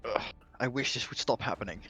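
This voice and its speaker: A man's voice: mid-range voice, fairly quick, bright, forceful tone, breathy edge, soft background music. A man playing a tabletop game, speaking casually and often asking about the rules. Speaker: player.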